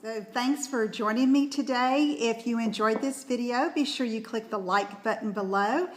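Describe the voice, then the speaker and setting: A woman hosting a craft tutorial, gently explaining each step as she works. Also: fairly high pitch, moderate pace.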